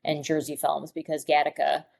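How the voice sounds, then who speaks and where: A woman's voice: low-pitched, flat delivery, normal speed, gravelly, a little mellow, poor audio. A woman from Michigan, a screenwriter guest, chatting on a podcast and telling stories with acted-out quotes. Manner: chatty storyteller who acts out quoted voices. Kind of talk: casual podcast interview.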